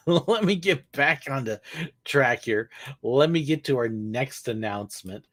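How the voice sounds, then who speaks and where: A man's voice: medium pitch, lively intonation, slow, a bit bright, slight background noise. A man hosting a live question-and-answer stream, chatting casually and rambling a little, with corny puns thrown in. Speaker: livestream host answering viewer questions.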